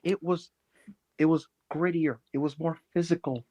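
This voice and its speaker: A man co-hosting a casual wrestling chat show, animated and quick to laugh. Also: on the high side. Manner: animated, laughing, slips into shouted impressions. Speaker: podcast co-host. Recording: dull lo-fi audio.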